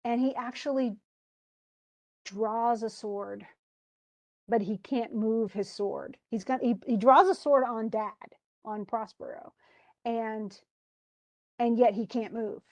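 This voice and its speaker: A woman's voice: fairly high pitch, takes it slowly, pauses often, darkish tone, no echo, dull audio. A woman teacher casually explaining a play, chatty, restarting often and paraphrasing in slang.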